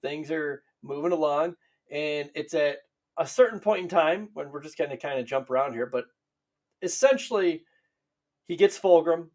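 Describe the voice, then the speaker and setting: A man co-hosting a podcast, telling stories in a laughing, profane, animated way. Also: fairly high pitch, normal speed. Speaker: podcast co-host. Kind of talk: casual chat.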